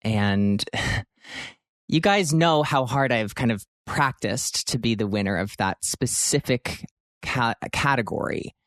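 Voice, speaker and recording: A man's voice: slow pace, fairly bright tone, dry recording, clean studio sound. Playful mock-boastful man hosting a podcast. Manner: playful, theatrical, mock-boastful with big pitch swings. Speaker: podcast host. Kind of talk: comedic solo podcast monologue.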